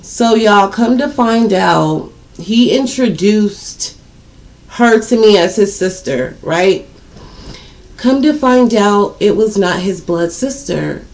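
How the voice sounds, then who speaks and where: A woman's voice: mid-range voice, expressive, slow pace, darkish tone. Blunt, slangy woman telling a story. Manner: blunt, profane, addresses viewers directly; slangy, repeats words for emphasis. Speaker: storytime vlogger. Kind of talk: casual storytelling to viewers.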